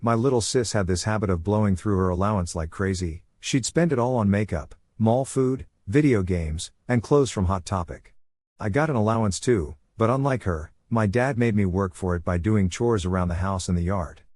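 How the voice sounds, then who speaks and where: A man giving a steady, scripted narration of a story. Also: lowish voice, normal speed, no echo.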